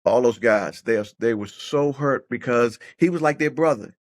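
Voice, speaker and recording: A middle-aged man speaks at a moderate pace with medium pitch, a former football player turned coach sharing personal stories as a podcast guest. His animated storytelling includes imitating other people's voices, and he repeatedly restarts his words as he thinks through this casual interview.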